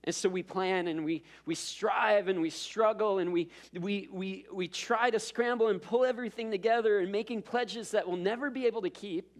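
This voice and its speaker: A man's voice: high-pitched, moderate pace, few pauses. A man preaching a sermon as pastor, telling a story in a conversational way with self-deprecating asides and repeated words as he builds up.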